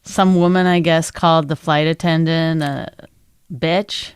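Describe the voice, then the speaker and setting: A middle-aged woman co-hosting a podcast, her voice sitting a little low in her range. She tells stories in casual chat and pitches up sharply to act out what others said. The sound is dry and close. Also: measured pace, clear, resonant tone, no echo. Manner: animated storyteller who acts out quotes in a high voice. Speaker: podcast co-host.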